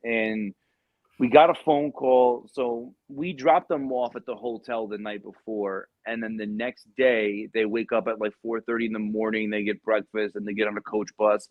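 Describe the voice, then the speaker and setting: A man telling a story in casual podcast chat, acting out shouted lines from the people in it. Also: fairly low pitch, dry recording, muffled recording. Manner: animated storyteller, acts out shouted quotes. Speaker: podcast guest, Marine veteran.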